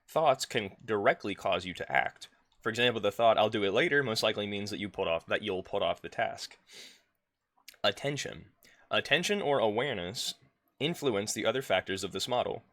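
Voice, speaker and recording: A man's voice: fairly low pitch, pushed and bright, no echo. A man reading a self-help workbook aloud on a live stream at home, now and then stopping to chat with his viewers. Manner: reads a text aloud and breaks off to chat with viewers and pets.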